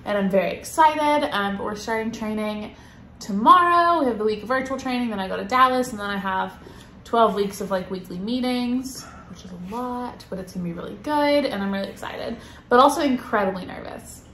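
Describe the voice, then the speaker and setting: A woman's voice: medium pitch, fairly quick, pushed and bright. A woman co-hosting a podcast, chatting casually and rambling with many ums. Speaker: podcast co-host. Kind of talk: casual chat. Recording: echoey room with faint noise.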